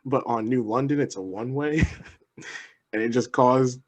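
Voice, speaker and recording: A young man chats with friends on a podcast, laughing his way through his stories. His voice sits at an everyday middle pitch. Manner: laughing storyteller, quick asides. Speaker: podcast co-host. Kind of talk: casual chat.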